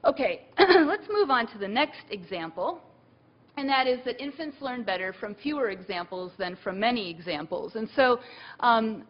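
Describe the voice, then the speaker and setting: A woman's voice: fairly high pitch, lively intonation, moderate pace, muffled recording. A woman giving a university lecture, thinking aloud with many fillers and restarts.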